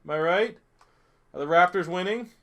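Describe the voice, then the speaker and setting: Young man, fairly high, sharp voice; crude, profane gameplay streamer. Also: normal speed. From Canada. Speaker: gaming streamer. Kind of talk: live gameplay commentary reading chat.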